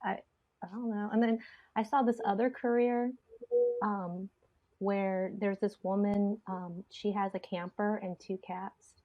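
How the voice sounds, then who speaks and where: A woman's voice: medium pitch, little pitch movement, unhurried. A woman hosting a podcast in casual chat, rambling along with lots of fillers. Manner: chatty, rambling with many fillers. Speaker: podcast host. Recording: slightly dull lo-fi sound.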